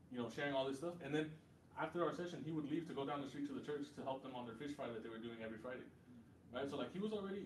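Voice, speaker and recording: Young man, quick casual talk, heavy fillers, echoey room, heard from a distance. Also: fairly high pitch, a little mellow. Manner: casual, many fillers and "right?" tags. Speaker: community organizer speaker. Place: university meeting room. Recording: echoey room, far from mic, faint noise.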